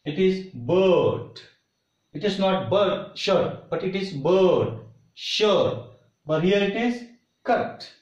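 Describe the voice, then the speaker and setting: Slow, roomy-sounding Indian English teacher. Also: male voice, sits high, lo-fi sound. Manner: deliberate, repeats example words. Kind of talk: slow explanatory lesson.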